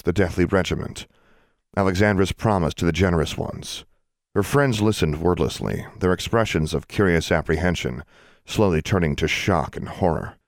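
A man reading an audiobook aloud in a measured, even narration. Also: low-pitched, dry recording, clean studio sound. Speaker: audiobook reader. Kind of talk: scripted narration.

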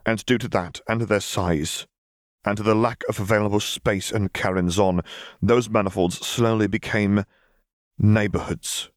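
A strained young woman sheriff holding her temper, her voice pitched up and pleading, as a man reads her in a storybook. Her lines come tight and controlled, the recording dry and close. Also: fairly even intonation, unhurried, no room sound, lightly acted. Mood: explaining. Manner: tense, pleading, through a clenched jaw. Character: young female sheriff, composed but strained.

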